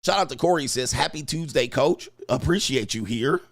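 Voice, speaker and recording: A middle-aged man with a medium-pitched voice hosts a laid-back livestream at a moderate pace. He's animated, laughing as he tells a slang-filled story and reads viewer comments out loud.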